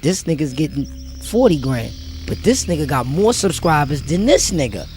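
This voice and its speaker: A man with a slightly raised pitch preaches straight at his viewers in an emphatic, slangy rant. He hammers his points home by repeating phrases. Soft music runs faintly underneath. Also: big pitch swings, moderate pace. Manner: emphatic, repetitive, street slang. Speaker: vlogger.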